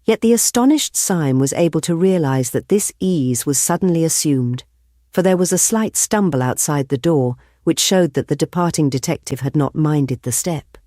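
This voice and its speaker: A man narrating an audiobook of a classic novel in a measured, expressive reading. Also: on the high side, dry recording, clean studio sound. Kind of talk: scripted narration.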